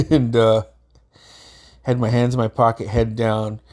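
A man's voice: medium pitch, flat delivery, slow pace, darkish tone. A man in his thirties from Alaska, telling a casual, rambling story with lots of fillers and swearing. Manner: rambling, laid-back, frequent fillers and swearing.

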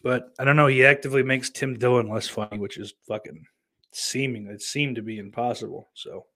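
A man's voice: mid-range voice, steady tone, a little fast, a bit bright. A man with a Southern US accent, hosting and reading chat messages aloud, rambling and swearing bluntly. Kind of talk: casual chat.

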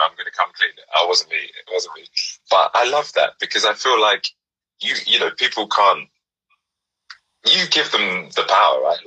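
Man, very low voice, strikingly bright tone, very husky, upbeat casual host. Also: rough recording. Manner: upbeat, encouraging, rambling. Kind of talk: casual chat.

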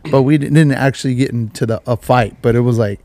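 A man's voice: medium pitch, quick pace, a little mellow, no room sound. A man hosting a podcast, telling a casual story full of slang and acting out the voices of the people in it. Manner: laid-back slangy storytelling, acts out voices in quotes. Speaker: podcast host.

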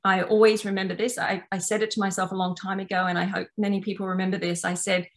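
Gravelly-voiced woman, earnest and reflective. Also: medium pitch, level tone, quick pace, few pauses. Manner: earnest, gentle, long flowing sentences with restarts. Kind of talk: reflective personal talk.

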